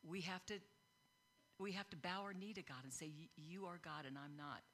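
A middle-aged woman preaches in a relaxed, story-driven way, laughing and slipping into the voices of people she quotes. Her tone is bright and forward. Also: on the low side, normal speed, slight background noise. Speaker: speaker teaching on faith. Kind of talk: informal sermon with personal stories.

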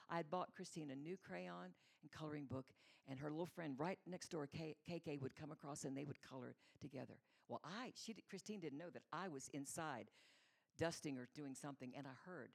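A middle-aged woman delivers a sermon full of personal stories, slipping into the voices of the people she describes. Her voice sits low with a gravelly edge. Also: moderate pace. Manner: animated storyteller acting out voices. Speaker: women's Bible teacher.

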